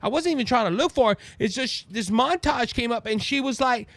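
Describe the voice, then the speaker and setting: A man with a Cajun Louisiana accent hosting his own show, giving animated, mocking political commentary full of restarts and asides. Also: extremely high pitch, brisk, no room sound. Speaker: podcast host.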